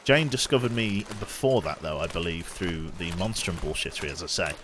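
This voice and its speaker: A young man with a low voice streams a survival game, speaking briskly over background noise. His chat is casual and rambling; he often restarts sentences and swears offhand.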